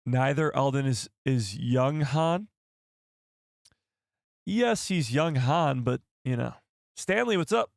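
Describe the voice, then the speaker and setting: Hoarse gravelly man hosting a live stream. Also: mid-range voice, takes it slowly, long pauses, no room sound, clean studio sound. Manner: laughing fits, excitable, chatty with viewers. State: losing his voice. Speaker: YouTube livestream host. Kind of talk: casual livestream chat.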